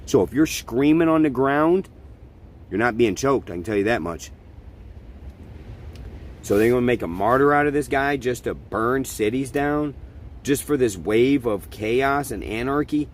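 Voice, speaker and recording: A middle-aged man holds forth in a blunt, heated monologue as the host of his own podcast. His talk is profane and ranting, and his pitch sits in an ordinary middle range for a man. A faint hum of noise runs under the voice. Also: lively intonation, a little slow. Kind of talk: opinion monologue.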